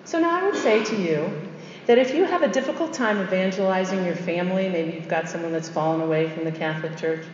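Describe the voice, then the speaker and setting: A woman's voice: lowish voice, a little mellow, slight background noise. A middle-aged woman, a religious sister, giving an emphatic storytelling faith talk with conversational asides and repeated key phrases. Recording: echoey hall, dull muffled sound.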